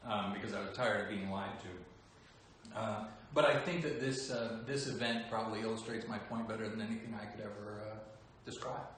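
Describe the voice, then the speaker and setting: Man, lowish voice, relaxed joking chat, echoey room, far from the phone mic, faint noise. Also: moderate pace, few pauses. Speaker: voice actor answering fan questions. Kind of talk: casual livestream chat. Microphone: phone some distance away.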